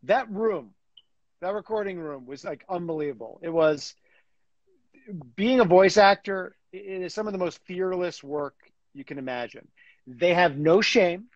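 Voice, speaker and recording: A man chatting as a guest in an interview, animated and full of fillers and restarts. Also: sits high, a little slow, no echo, highs cut off. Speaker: guest, comic book writer. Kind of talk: casual interview chat.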